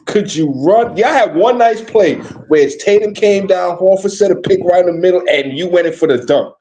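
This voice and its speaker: A man hosting a podcast, talking about basketball in animated, profane casual banter with frequent restarts. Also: sits high, normal speed, slight background noise. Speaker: podcast host.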